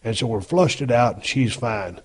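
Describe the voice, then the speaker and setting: A man's voice: medium pitch, animated, moderate pace, a little mellow. A man in his fifties hosting a podcast, talking in a casual, blunt and heavily profane folksy monologue. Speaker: podcast host.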